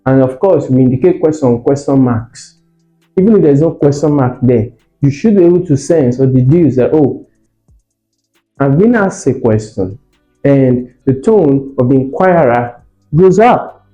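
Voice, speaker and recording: A man's voice: mid-range voice, normal speed, mellow, echoey room, muffled recording, faint music behind. A man teaching an exam-prep English lesson, demonstrating stress and rising tones and asking his students questions. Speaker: English tutor.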